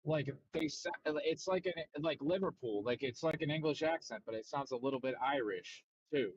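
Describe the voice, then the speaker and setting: Husky mid-pitched man, halting repetitive explaining, dry dull mic. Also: dry recording. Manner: hesitant, repeats himself while explaining. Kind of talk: casual livestream chat.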